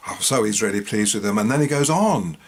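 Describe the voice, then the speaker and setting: A man's voice: fairly low pitch, lively intonation, a little fast. A man retelling and commenting on scripture in a casual, musing way, often tagging his points with rhetorical questions. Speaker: host.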